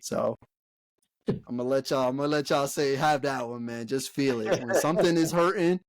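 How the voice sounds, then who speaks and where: A man's voice: medium pitch, moderate pace, dry recording. Slangy casual young man, dry sound. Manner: relaxed slangy talk, heavy fillers and swearing. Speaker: podcast co-host. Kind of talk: casual chat.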